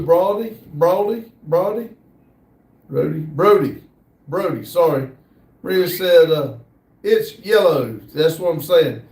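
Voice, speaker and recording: An American man hosting a livestream, casually reading viewer comments aloud in an easygoing, hesitant way with many pauses. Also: fairly high pitch, a little mellow, far from the mic. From United States. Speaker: livestream host. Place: workshop building near a shop area. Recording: roomy sound, voice from off the mic.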